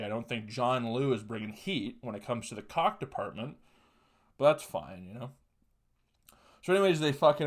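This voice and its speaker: A young man hosting a podcast, talking casually in a blunt, profane, mocking way. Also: medium pitch. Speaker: podcast host. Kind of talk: casual monologue.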